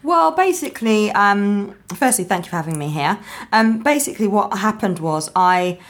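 A woman answering interview questions as a guest, explaining in a measured way with frequent ums. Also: mid-range voice, animated. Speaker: guest, marketing founder.

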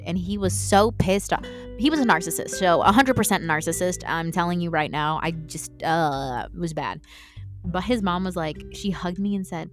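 A young woman with a slightly low voice hosts her own podcast and rants without a filter, swearing constantly as she goes. She breaks into animated, mocking outbursts, and soft guitar music plays faintly behind her. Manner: candid and heavily profane, ranting. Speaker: podcast host. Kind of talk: solo podcast rant.

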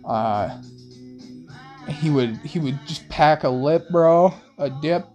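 A young man hosting a rambling late-night monologue in laid-back slang, with soft music playing behind him. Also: fairly high pitch, slow. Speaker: host. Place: in a car.

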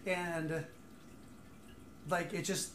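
A woman co-hosting a casual podcast chat, hesitant and often restarting her sentences. Her voice sits on the low side for a woman. The room around her is echoey, with faint noise behind. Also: steady tone, extremely slow, a bit bright. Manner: hesitant, many fillers and restarts. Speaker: podcast co-host.

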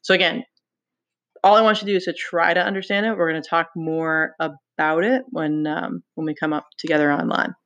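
A woman's voice: sits low, steady tone, brisk, fairly bright tone, highs cut off. A woman teacher explaining a novel to her class and asking guiding questions. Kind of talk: lesson with a novel read aloud.

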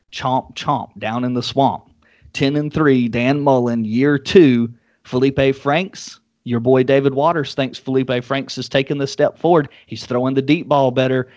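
A man hosting a casual sports podcast, quick and joking as he leads the talk. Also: medium pitch, a little mellow, dry recording. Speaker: podcast host.

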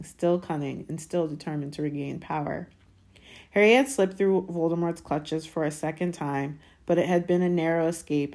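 Woman, low voice, calm steady audiobook reader. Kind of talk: reading a novel chapter aloud.

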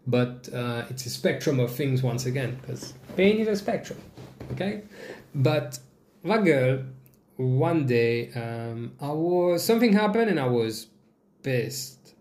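A man hosting a podcast alone, telling a personal story in casual, swearing talk with sudden jumps in pitch. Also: sing-song, slow, darkish tone. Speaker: podcast host. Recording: echoey room.

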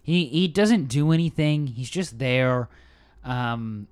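Blunt young man with a smooth voice. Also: medium pitch, animated, slow, darkish tone. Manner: blunt, opinionated. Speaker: podcast co-host. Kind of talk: casual film review chat.

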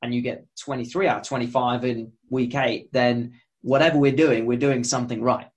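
A man's voice: mid-range voice, steady tone, normal speed, lo-fi sound. A man hosting a podcast interview in a friendly, conversational way. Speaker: podcast host.

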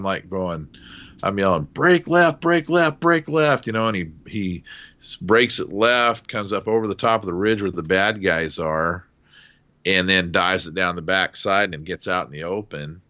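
A man and former helicopter door gunner recounting a flight in casual, profane conversation, acting out the shouts in his story. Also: deep voice, moderate pace, dull audio. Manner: relaxed, profane, acts out quoted shouts. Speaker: military aviation veteran, former door gunner.

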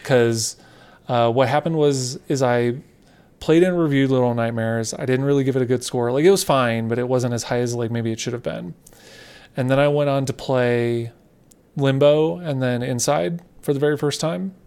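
A man chats through a casual podcast conversation in a relaxed, conversational way, describing things loosely as he goes. His mid-range voice carries plenty of creaky fry. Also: mid-range voice, normal speed. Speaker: podcast co-host.

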